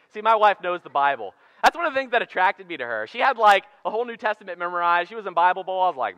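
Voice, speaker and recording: Bright-voiced man preaching a sermon. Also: high-pitched, big pitch swings, fast talker, few pauses, no room sound. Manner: conversational preaching, jokey asides, swings from quiet to emphatic. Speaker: pastor. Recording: dry, muffled church sermon recording.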